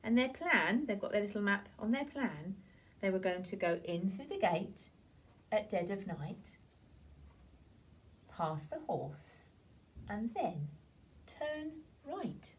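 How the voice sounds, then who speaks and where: A woman teacher, gently retelling a story to young children in a drawn-out, sing-song way. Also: medium pitch, big pitch swings, slight background noise. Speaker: primary school teacher. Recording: voice from a distance off the mic.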